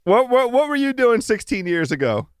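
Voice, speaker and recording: A man's voice: very high-pitched, sing-song, moderate pace, smooth, no room sound, clean studio sound. A man bantering as a regular podcast guest, slightly buzzed, playful and wordy with stammered starts.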